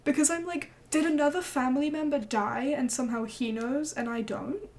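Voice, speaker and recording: A young woman streamer telling a story in casual chat, animated and swearing freely as she acts out what people said. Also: high-pitched, brisk.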